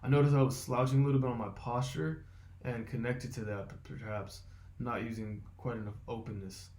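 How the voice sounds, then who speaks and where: A man talking through his vocal warm-up routine, explaining step by step and thinking aloud with fillers. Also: mid-range voice, fairly even intonation, brisk, a little hiss or hum. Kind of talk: casual instructional vlog.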